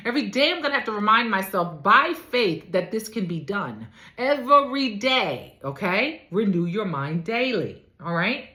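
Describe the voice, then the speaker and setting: A woman's voice: mid-range voice, sharp tone. A woman life coach giving emphatic, preacherly faith-based teaching, talking straight to the listeners, in an echoey room.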